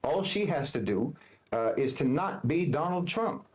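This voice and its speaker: A man reading scripted narration in a measured, argumentative way. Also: on the high side, expressive, a little mellow. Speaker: narrator of the original video.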